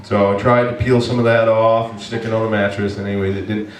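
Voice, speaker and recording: A man from Maine preaching a sermon as pastor, telling a hunting story in an animated way and breaking into loud exasperated shouts. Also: fairly low pitch, quick pace. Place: church sanctuary. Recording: echoey church hall, from a distance, faint noise.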